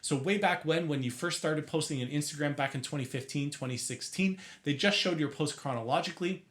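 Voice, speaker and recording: A man's voice: on the high side, brisk. Upbeat man coaching to camera. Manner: energetic, self-correcting, chatty asides. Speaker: marketing coach for therapists. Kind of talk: direct-to-camera teaching.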